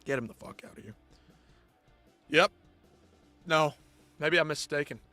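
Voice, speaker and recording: A man's voice: a little high, a little slow, bright, forceful tone, no echo, soft background music. A man hosting a live post-fight show, ranting bluntly and with heavy swearing. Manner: blunt, profane, exasperated ranting. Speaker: host.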